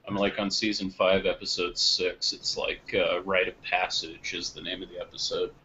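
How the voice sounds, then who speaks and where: A man chatting casually on a podcast, rambling and correcting himself, getting animated when he retells stories. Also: low-pitched, normal speed. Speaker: podcast co-host. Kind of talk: casual chat. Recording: muffled lo-fi online call audio with faint noise.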